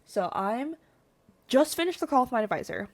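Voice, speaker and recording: Animated, swearing young woman storyteller. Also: sits high, normal speed. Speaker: VTuber storyteller. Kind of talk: casual storytime.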